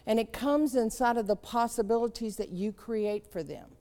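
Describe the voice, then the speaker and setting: A woman leadership trainer giving a live seminar talk, with slow, questioning, storytelling delivery and a gravelly voice. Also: on the high side, warm tone, in a large hall.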